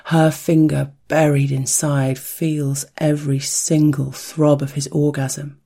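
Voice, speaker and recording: Unhurried storyteller, flat even delivery, soft heartbeat chant, intimate narration. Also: mid-range voice, gravelly, breathy edge. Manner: soft, hushed reading that drops into whispers; softly chants a rhythmic heartbeat sound.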